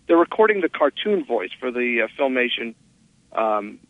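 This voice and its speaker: A man, an actor guest, telling animated stories and acting out quotes in a casual interview. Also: normal speed, dry recording. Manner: animated storyteller, acts out quotes with big pitch jumps. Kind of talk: casual phone interview storytelling. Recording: tinny phone line.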